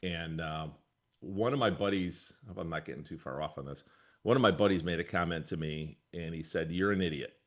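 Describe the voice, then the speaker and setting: A man's voice: low-pitched, a little fast. A middle-aged man, a brokerage leader answering interview questions in a rambling, easygoing way, often correcting himself and laughing.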